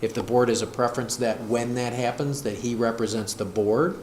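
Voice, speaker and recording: A man's voice: mid-range voice, steady tone, normal speed, darkish tone. A man speaking as a school district administrator at a board work session, talking hesitantly with many fillers and restarts. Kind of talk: meeting discussion. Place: school board meeting room. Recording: echoey room, noisy, far mic.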